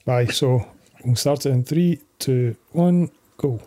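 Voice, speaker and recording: A Scottish man in his forties, hosting a casual film podcast in a relaxed, chatty way with plenty of fillers. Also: medium pitch, slow pace. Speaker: podcast host. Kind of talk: casual film commentary chat.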